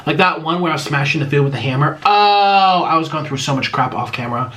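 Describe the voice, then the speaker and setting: A man's voice: a little high, fast talker, sharp tone. A man vlogger eating on camera and rambling emotionally through fan questions in casual chat.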